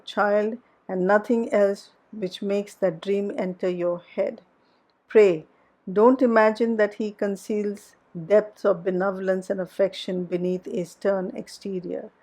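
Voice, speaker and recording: A woman's voice: medium pitch, a little mellow. A woman reading aloud, voicing an imperious young lady who scolds in a raised, emphatic voice. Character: imperious young lady, scornful and sharp-tongued.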